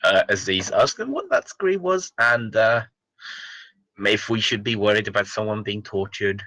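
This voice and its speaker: Deep, bright-edged hesitant male player. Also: expressive, normal speed, no room sound, low-quality recording. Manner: hesitant, thinking aloud. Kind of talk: casual tabletop play.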